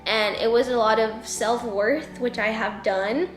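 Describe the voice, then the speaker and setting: A woman's voice: fairly high pitch, fairly even intonation, measured pace. Emotional twenty-something woman vlogging about her boutique, kinda teary, echoey room, faint music. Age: 20s. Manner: emotional, rambling, says "like" and "you know" a lot. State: teary, voice cracking. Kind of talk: heartfelt motivational vlog.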